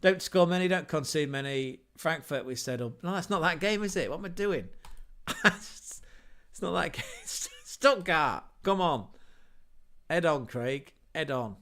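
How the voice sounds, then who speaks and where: A man's voice: a little high, animated, moderate pace, a bit bright. A man hosting a casual football livestream, running through team lineups with jokey asides, wordplay and self-corrections. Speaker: football podcast host.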